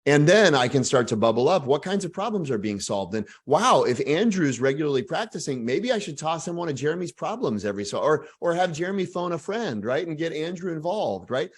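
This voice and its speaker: A man from Texas, in his forties, speaking as a guest author in a casual interview, animated and full of asides and jokes. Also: on the high side, a little fast, few pauses, slightly rough. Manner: energetic, animated storyteller with frequent asides and self-deprecating humor.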